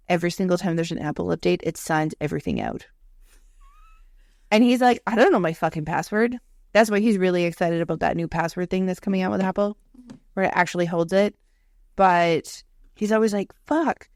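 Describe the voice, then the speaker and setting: A woman co-hosting a podcast, telling animated, profane stories in casual chat. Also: fairly low pitch, brisk, vocal fry, long pauses, no echo, studio quality. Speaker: podcast co-host.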